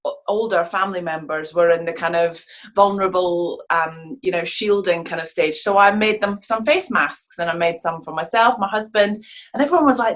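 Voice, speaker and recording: Chatty woman, softened Scottish accent. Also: on the low side, moderate pace. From Scotland (Fife). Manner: chatty, laughs often, many restarts. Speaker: interview guest, stage actress. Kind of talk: casual video-call interview.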